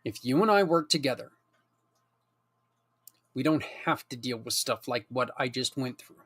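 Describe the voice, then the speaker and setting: A man hosting a community show, also a nonprofit founder, makes an earnest, emotional appeal in plain words and sounds close to tears. His voice is medium in pitch, a bit bright and slightly rough, with lively intonation and an unhurried pace.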